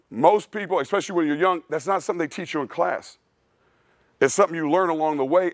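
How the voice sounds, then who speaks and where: A man's voice: on the high side, dry recording, clean studio sound. A male strength coach giving a blunt, preachy clinic talk in a casual way, often calling listeners "dude". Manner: casual, says "dude" a lot. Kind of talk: clinic presentation.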